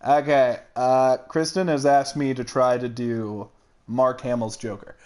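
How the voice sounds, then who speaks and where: A woman's voice: rumbling low, fairly even intonation, measured pace, a little mellow. A woman hosting a casual let's play, chatty and self-deprecating, giggling between lines. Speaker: host reading game dialogue.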